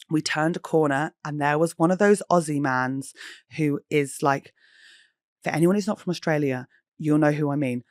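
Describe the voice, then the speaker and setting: An English woman in her thirties hosting a solo podcast, telling stories in an animated, chatty way, swearing freely and mimicking people. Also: low voice, dry recording, clean studio sound. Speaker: podcast host.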